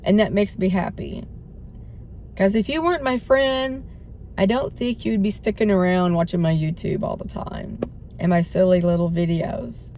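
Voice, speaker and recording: Hoarse middle-aged woman rambling. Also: mid-range voice, moderate pace, mellow, a little hiss or hum. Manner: rambling, self-doubting, laughs between thoughts. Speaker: vlogger. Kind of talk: rambling spiritual vlog chat.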